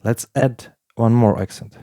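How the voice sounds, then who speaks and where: Slow-talking man teaching piano. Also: mid-range voice. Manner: non-native, halting phrasing, counts beats aloud while playing. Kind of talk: casual piano tutorial. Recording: piano playing loudly alongside.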